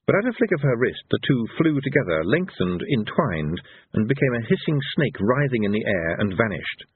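A man narrating a fantasy audiobook in an expressive, storytelling manner. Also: mid-range voice, moderate pace, breathy edge, no room sound. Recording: tinny phone-like sound.

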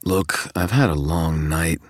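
A man voicing a tired, sardonic male wizard, gruff and defensive, in an audiobook. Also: very deep voice, slow pace, no echo, studio quality, heavily acted. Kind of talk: audiobook character reading.

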